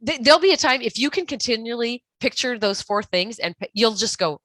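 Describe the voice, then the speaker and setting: A woman's voice: a little high, lively intonation, a little fast, fairly bright tone, no echo. A woman speaking as a guest expert in a podcast interview, giving earnest, direct advice with frequent restarts. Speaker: guest expert on toxic relationships.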